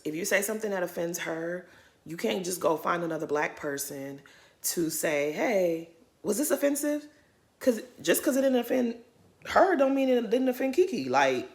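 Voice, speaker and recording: A woman's voice: on the low side, a bit bright. A woman hosting a casual TV recap, sassy and emphatic, repeating her points. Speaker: recap host.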